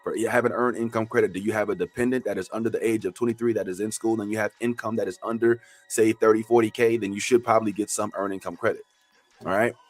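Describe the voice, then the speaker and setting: A man teaching a tax preparation training class, animated and joking, with sudden preacher-like outbursts. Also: on the low side, quick pace, faint music behind.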